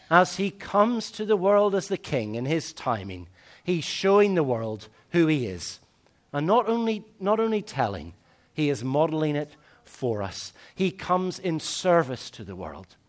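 A man preaching a sermon in a fairly high voice. He swings from loud, emphatic lines to slow, hushed ones. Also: very animated.

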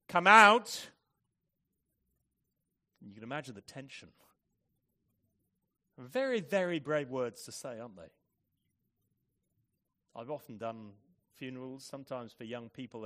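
Preaching with a medium-pitched voice, a man alternates between hushed, measured reflection and loud, forceful emphasis.

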